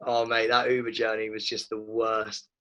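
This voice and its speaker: A man hosting a casual chat, jokey and animated, telling stories. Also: on the low side, normal speed, rough recording. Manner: animated, jokey, tells stories with put-on quotes. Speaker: host.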